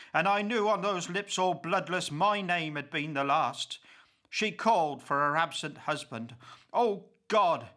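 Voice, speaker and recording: A man reciting dramatic verse in the role of an old grieving pauper, slow and impassioned. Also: on the high side, pushed and bright, full character voice. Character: old grieving male pauper, bitter and accusing.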